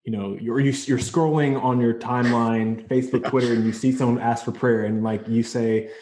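Male co-host, warm tone, hesitant, echoey room sound. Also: mid-range voice, fairly even intonation, a little hiss or hum. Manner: halting, many ums and restarts. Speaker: podcast co-host. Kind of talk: casual podcast interview.

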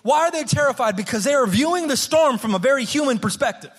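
A man's voice: extremely high pitch, expressive, fast, breathy edge. A man in his thirties, a pastor preaching a sermon in an earnest way, often repeating words as he restarts a phrase. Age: 30s.

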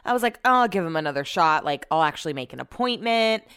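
A woman's voice: lowish voice, animated, quick pace, a bit bright, clear, resonant tone. A young woman hosting a casual solo podcast from home, rambling and chatty with lots of fillers and restarts. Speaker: podcast host. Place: home, upstairs room.

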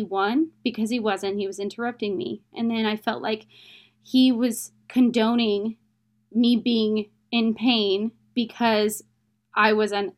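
Candid woman telling her story. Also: a little high. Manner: candid, emotional, plain-spoken. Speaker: guest. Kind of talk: personal storytelling.

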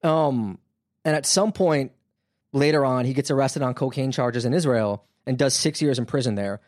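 A man's voice: mid-range voice, normal speed, dry recording. Chatty male podcast host, dry sound. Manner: conversational, filler-heavy, wry. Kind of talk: casual storytelling chat.

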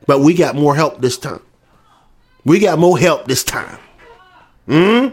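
A man's voice: on the high side, lively intonation, takes it slowly, husky. A man with a Southern US accent delivering a combative, profane, repetitive rant. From American South. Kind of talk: ranting monologue.

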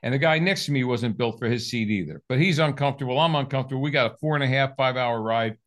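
A man's voice: mid-range voice, fast. An older man, a sales coach, telling a story with energy and acting out both sides of the conversation as an interview guest. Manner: lively storyteller, acts out both sides of dialogue.

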